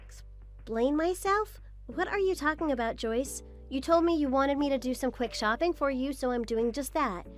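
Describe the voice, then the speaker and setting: A woman's voice: high voice, normal speed, faint music behind, close to an everyday voice. A woman playing a patient, apologetic young daughter-in-law in a text-story drama. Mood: defensive. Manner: apologetic, mildly defensive.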